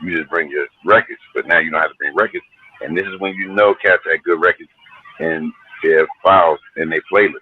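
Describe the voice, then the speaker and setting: A man's voice: a bass voice, steady tone, fairly quick, breathy edge, phone-quality sound. A middle-aged man from New Jersey, a hip hop artist telling stories in a laid-back, slangy, profane way. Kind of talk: casual storytelling interview.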